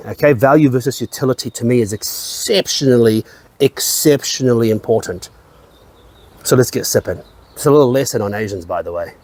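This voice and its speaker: A man's voice: medium pitch, a little mellow, no room sound. Man rambling through whisky notes. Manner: rambling, repeats phrases, swears casually. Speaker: whisky reviewer. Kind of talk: casual tasting-note chat.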